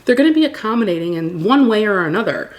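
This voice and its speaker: A woman casually telling a storytime tale to her viewers, animated and acting out what people said. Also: mid-range voice, quick pace. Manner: animated retelling, acting out quoted dialogue.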